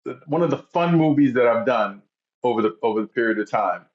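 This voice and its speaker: A man, an actor guest in an interview, speaking haltingly and repeating words as he hunts for what to say. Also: medium pitch, expressive, roomy sound, dull audio. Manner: halting, repeats words while searching for them. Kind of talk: casual interview chat.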